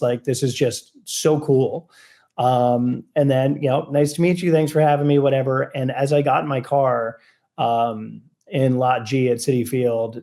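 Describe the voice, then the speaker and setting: A man, a stadium announcer telling a personal story in a casual interview, animated and full of fillers. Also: medium pitch. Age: 30s. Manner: animated storyteller, acts out quoted lines, many fillers. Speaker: stadium public address announcer, guest.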